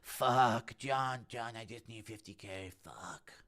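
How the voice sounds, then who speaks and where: A man's voice: on the low side, slow, fairly bright tone. A man impersonating a desperate male commentator begging for gambling money. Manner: pleading, muttering.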